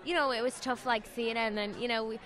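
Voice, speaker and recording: A shy young woman with an English accent, answering interview questions in a soft, hesitant way, full of fillers. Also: fairly high pitch, fairly even intonation, fast. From England. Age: young adult. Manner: shy, soft-spoken, trails off with many fillers. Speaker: singing contestant guest. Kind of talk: casual radio interview answers. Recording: crowd chatter at a busy event. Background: event crowd.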